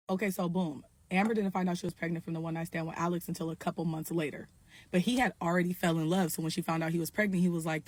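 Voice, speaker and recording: A woman telling a story in a casual, animated, slangy way, cursing freely. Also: fairly low pitch, quick pace, slight background noise. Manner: animated, slangy, profane gossip.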